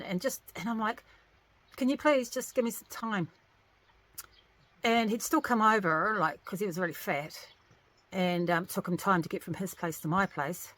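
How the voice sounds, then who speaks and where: A woman vlogger, a single working mother, telling a story to camera in a casual, exasperated, animated way. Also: lowish voice. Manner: animated, venting, exasperated retelling.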